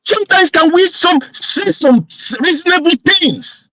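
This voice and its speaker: A man's voice: very high-pitched, unhurried, sharp tone, no room sound, low-quality recording. A man arguing insistently as a panelist in a heated online discussion. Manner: insistent, indignant.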